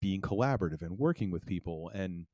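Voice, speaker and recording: Rambling, low-voiced man from Maine. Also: lively intonation, fast, a little mellow, no echo, studio quality. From Maine, USA. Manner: rambling, many fillers and restarts. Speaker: podcast co-host. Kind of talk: casual chat.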